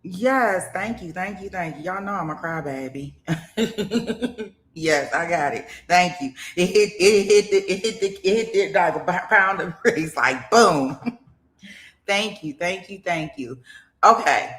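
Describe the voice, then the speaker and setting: Bright, low-voiced chatty woman host. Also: takes it slowly. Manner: chatty, talks straight to viewers, thanks donors; rambling, with many restarts and fillers. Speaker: livestream host commenting on a trial. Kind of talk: casual livestream chat.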